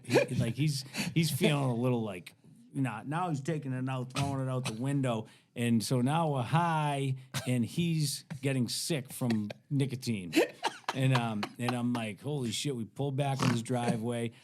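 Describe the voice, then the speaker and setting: Middle aged guy telling wild stories on a podcast, laughs a lot, mid pitch. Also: normal speed, slight background noise. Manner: animated, laughing storyteller doing voices of others. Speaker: guest. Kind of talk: casual storytelling. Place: podcast studio.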